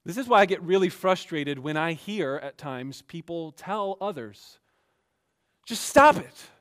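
Man, pastor, sermon, high-pitched, emphatic, quiet asides and raised exhortation. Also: lively intonation, moderate pace, smooth.

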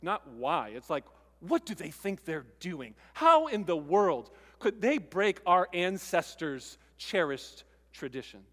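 This is a man giving a sermon in a relaxed, conversational style, pressing hard on key words. His voice sits high. The sound carries a long reverb, as in a large church hall. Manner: conversational preaching, emphatic with pauses. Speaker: pastor.

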